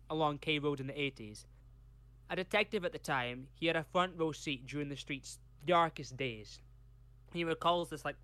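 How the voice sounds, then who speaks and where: A man's voice: fairly high pitch, bright, forceful tone, dry recording. A Scottish man co-hosting a podcast, reading case notes from a script and breaking off for chatty tangents. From Scotland. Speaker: podcast co-host.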